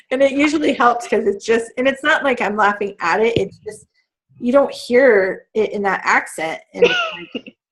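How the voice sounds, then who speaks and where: A woman's voice: on the high side, very animated, moderate pace, husky. A woman in her thirties, a fitness team coach, chatting casually on a team call with many fillers and laughs.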